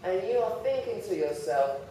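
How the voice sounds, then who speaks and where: A man's voice: high-pitched, expressive, moderate pace, mellow, slight background noise. A man giving a humorous sermon, telling self-deprecating stories about his own slip-ups. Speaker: preacher. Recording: very echoey hall, voice heard from far off.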